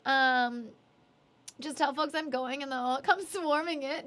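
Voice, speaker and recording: A woman's voice: high-pitched, slow, fairly bright tone. A young adult woman streamer chatting casually with viewers, giggly and emotional, teary and yawning, often apologizing. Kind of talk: casual chat reading viewer messages.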